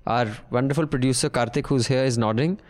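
A man's voice: medium pitch, fairly quick, darkish tone. A man co-hosting a podcast in casual, opinionated chat. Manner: opinionated, talks over his co-host. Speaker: podcast co-host.

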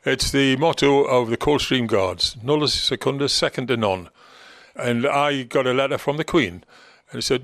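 A man's voice: medium pitch, moderate pace, a bit bright, no echo, studio quality. An older man from England, telling stories in a chatty, teasing way as an interview guest. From Gateshead, North East England. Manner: chatty storyteller, teasing, quotes others in their own voice. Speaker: interview guest, former football manager. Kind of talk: reminiscing interview talk.

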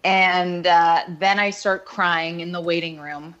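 A woman with a fairly low voice tells a personal story as a podcast guest. She speaks frankly and rambles a little. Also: steady tone, slow pace, fairly bright tone, lo-fi sound. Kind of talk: candid storytelling.

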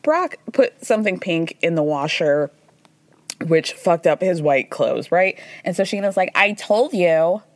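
A woman hosting a podcast, recapping reality TV in a chatty, sarcastic way with quick asides and playful impressions of the people she quotes. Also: lowish voice, lively intonation, a little mellow, no room sound. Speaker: podcast host. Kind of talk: casual recap commentary.

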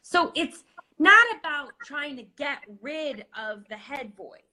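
A woman's voice: sits high, animated, takes it slowly, sharp tone. A woman who coaches clients on intuition, talking casually on a podcast and acting out her inner voices in little quoted asides.

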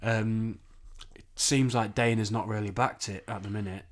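A man's voice: lowish voice, fairly even intonation, moderate pace. A man co-hosting a podcast in casual chat, laid-back, throwing in dry one-liners. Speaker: podcast co-host.

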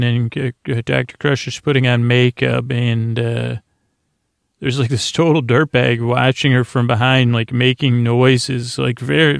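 A man's voice: medium pitch, gravelly, smooth, dry recording, clean studio sound. A man hosting a sleep podcast, recapping a TV episode in a meandering, drowsy way and often losing his place. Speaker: podcast host.

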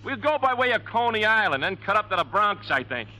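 An actor playing a brusque, money-minded New cab driver in a 1950s radio drama. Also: male voice, high voice, very animated, brisk, bright, forceful tone, exaggerated voice, low-quality recording. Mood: gruff, cynical. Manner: brusque, streetwise, blunt. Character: gruff New York cab driver, grasping and cynical. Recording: old radio broadcast.

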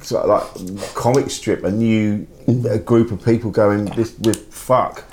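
A man's voice: fairly low pitch, steady tone, unhurried, mellow, slight background noise. A man hosting a podcast, talking bluntly in casual chat, with swearing and short agreeing replies. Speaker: podcast host.

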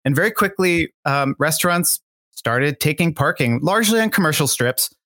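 A man's voice: fairly high pitch, animated, normal speed, sharp tone. A man speaking as a guest in a casual interview, thoughtful and rambling, with many fillers and restarts.

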